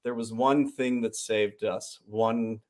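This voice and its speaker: A man's voice: on the low side, takes it slowly. A man hosting a casual livestream, telling a travel anecdote and quoting people, swearing freely. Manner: swears freely, animated anecdote with quoted voices. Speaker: host. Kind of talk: casual livestream chat, storytelling.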